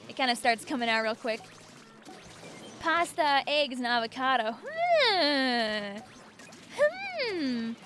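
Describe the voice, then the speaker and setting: High-voiced chatty woman with a Long Island accent. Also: a bit bright, a little hiss or hum. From New York, USA. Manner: chatty and rambling, answers chat messages aloud. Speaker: streamer. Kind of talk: casual livestream chat while gaming.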